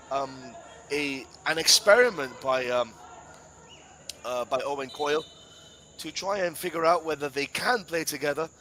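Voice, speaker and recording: A man's voice: a little high, slight background noise. A man commentating live football, chatty and playful, whose first language is Spanish. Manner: chatty, playful, rising to excited shouts at big moments.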